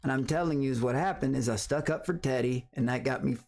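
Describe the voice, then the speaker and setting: Blunt gravelly-voiced streamer man. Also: medium pitch, fast, noisy background. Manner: blunt, profane, rambling. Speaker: streamer host. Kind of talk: casual live-stream chat.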